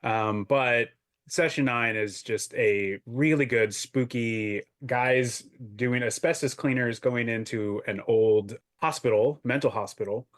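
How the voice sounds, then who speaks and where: A man chatting as a guest on a podcast, rambling and enthusiastic as he tells a story. His voice sits at a plain middle pitch. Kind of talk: casual chat.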